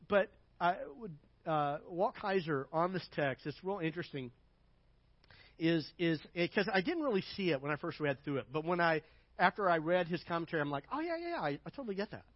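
An older male pastor preaching with a high voice, driving hard on repeated phrases and then falling into soft, chatty asides. The sound is dry and a bit dull. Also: moderate pace, dry recording. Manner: emphatic preaching, builds to loud repeated phrases, drops to asides. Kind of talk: sermon.

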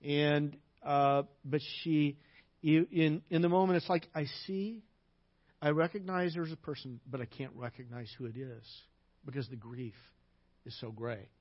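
A man preaching a sermon as pastor, telling personal stories, dropping to a hush in sad parts and acting out the people he quotes. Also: fairly high pitch, muffled recording. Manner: personal storytelling, drops to a hush at sad moments and acts out quoted lines.

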